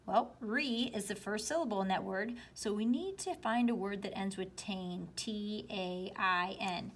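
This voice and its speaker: A woman teacher slowly and patiently walking students through a spelling worksheet, step by step. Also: medium pitch. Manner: slow, patient, explaining step by step. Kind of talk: spelling lesson walkthrough.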